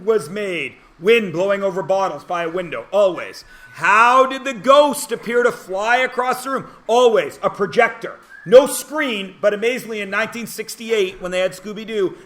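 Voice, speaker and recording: High, bright-voiced joking math teacher. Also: male voice. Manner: playful, sarcastic, quizzes students. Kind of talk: classroom lecture. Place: classroom.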